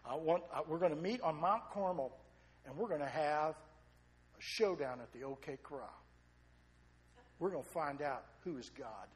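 Man acting out a prophet, confident, blunt, commanding, high-pitched. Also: expressive, unhurried, long pauses.

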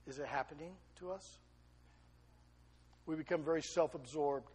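Husky-voiced man preaching a sermon. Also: a little high, normal speed. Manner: preaching with rising emphatic peaks and quiet asides. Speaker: pastor.

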